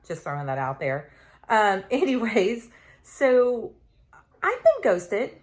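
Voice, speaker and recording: A woman's voice: mid-range voice, wildly swooping pitch, slow pace. A woman, telling stories in a casual chat to camera, full of ums and asides. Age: 40s. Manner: chatty storytelling with many fillers. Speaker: vlogger.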